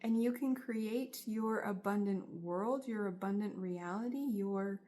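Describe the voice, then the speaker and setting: A woman's voice: medium pitch, unhurried, mellow. A woman giving a spiritual tarot reading, speaking in an earnest, encouraging and emphatic way. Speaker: tarot reader.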